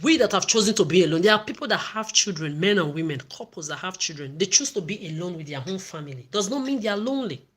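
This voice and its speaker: A woman's voice: on the low side, animated, fast, hardly any pauses. A woman delivering an angry, accusatory livestream rant, repeating herself as she goes. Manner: ranting, accusatory, repetitive.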